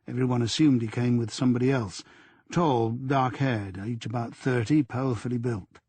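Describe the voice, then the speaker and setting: A man's voice: medium pitch, fairly even intonation, normal speed, darkish tone, slightly rough, dry recording, natural voice. A man voicing an earnest, deferential young male detective sergeant in an audiobook. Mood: reporting.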